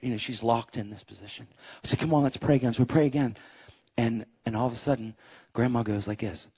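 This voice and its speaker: A middle-aged man preaching a sermon as a story, animated, dropping to a hush and rising to shouts. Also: mid-range voice, brisk, slightly rough, dull audio. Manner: animated, swings from hushed to shouting.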